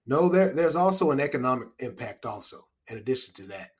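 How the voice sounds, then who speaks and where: A man's voice: mid-range voice, sing-song, brisk, breathy edge. A man giving solo spoken commentary in a conversational, rambling way, with restarts and wry chuckles.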